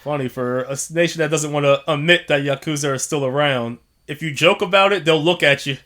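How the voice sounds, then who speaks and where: Casual male co-host, bright and slightly high, loose and profane. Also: brisk. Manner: loose, laughing, swears freely. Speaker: podcast co-host. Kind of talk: casual chat. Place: living in Japan.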